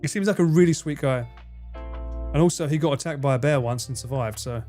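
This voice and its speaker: A man's voice: a little high, brisk, dark tone, soft background music. A man chatting casually on a live stream, laughing often and swearing freely as he reads chat.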